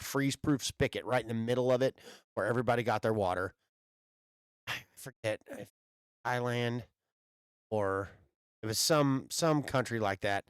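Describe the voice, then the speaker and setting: A man co-hosting a casual podcast, telling animated stories and teasing his friend with frequent laughs. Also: mid-range voice, clean tone, dry recording, clean studio sound. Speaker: podcast co-host. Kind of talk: casual chat. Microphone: new podcast microphone.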